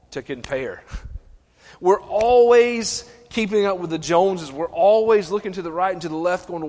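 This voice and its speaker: A middle-aged man preaching a sermon, animated, stumbling and restarting, acting out voices. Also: high voice. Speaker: pastor. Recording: long reverb of a church hall.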